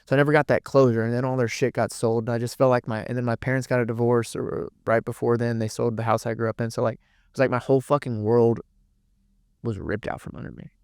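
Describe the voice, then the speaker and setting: A man's voice: mid-range voice, level tone, fast, a little mellow, clear, resonant tone, no room sound, studio quality. A young man, telling a painful family story as a podcast guest in a rambling, emotional way, with many restarts and curse words. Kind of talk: candid personal storytelling.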